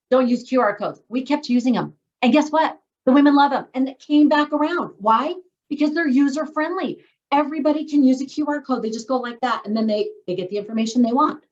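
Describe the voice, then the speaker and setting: A woman hosting a writers' training call in a casual, enthusiastic way, with emphatic asides. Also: fairly high pitch. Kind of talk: casual video-call discussion. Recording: dull lo-fi call audio.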